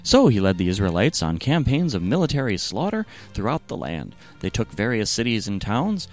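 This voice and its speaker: Deadpan man with a low voice. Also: normal speed. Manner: deadpan and sardonic. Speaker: narrator. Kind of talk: satirical storytelling. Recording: faint music underneath.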